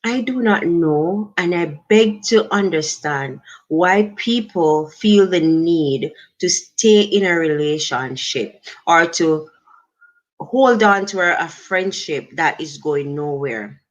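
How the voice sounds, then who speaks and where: A middle-aged Jamaican woman hosting a casual livestream, speaking in an unhurried, reflective way and thanking her viewers. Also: fairly low pitch, muffled recording. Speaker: livestream host. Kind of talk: casual livestream talk to chat.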